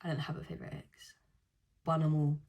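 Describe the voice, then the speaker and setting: A young woman chats casually to camera. Her voice sits low, and she tells her stories in a loose, slangy way. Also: completely flat delivery, brisk, darkish tone. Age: 20s. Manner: chatty storytelling with slang. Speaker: vlogger. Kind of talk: casual chat.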